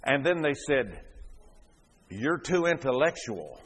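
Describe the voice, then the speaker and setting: Slow fervent preaching pastor man. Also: medium pitch, sing-song. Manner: slow, swelling to loud fervent peaks then dropping quiet. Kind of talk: sermon.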